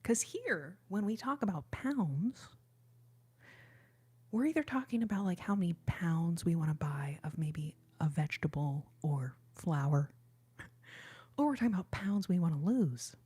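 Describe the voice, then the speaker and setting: Breathy girl whispering asmr live chat, mellow low-key voice, giggly. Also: animated, a little slow. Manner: soft whisper, chatty, giggly. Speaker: ASMR livestream host.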